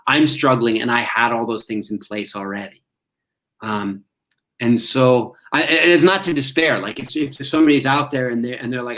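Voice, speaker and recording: A middle-aged man, a guest on a video call, talking in an earnest, halting, reflective way. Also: mid-range voice, bright, forceful tone. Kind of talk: reflective conversation.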